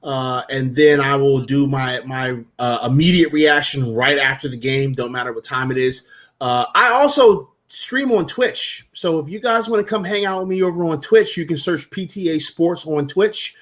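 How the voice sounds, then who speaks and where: A man from New Jersey, a guest sports streamer on a video call, joking with relaxed trash talk. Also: fairly high pitch, normal speed.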